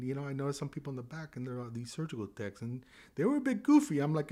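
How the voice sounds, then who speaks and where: A man's voice: medium pitch, fast. A man in his fifties from Southern California, a guest telling stories casually and acting out the dialogue. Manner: animated, acts out dialogue in changing voices. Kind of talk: casual storytelling.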